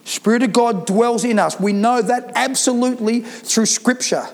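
A man's voice: very high voice, normal speed. A man preaching a sermon as pastor, emphatic and insistent, driving home his points. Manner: emphatic, preaching with rising intensity. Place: church hall. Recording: reverberant church hall.

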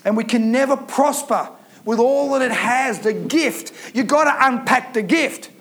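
A man's voice: very high voice, measured pace, a bit bright. A man preaching a fervent sermon, driving points home with emphatic repeated phrases. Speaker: pastor.

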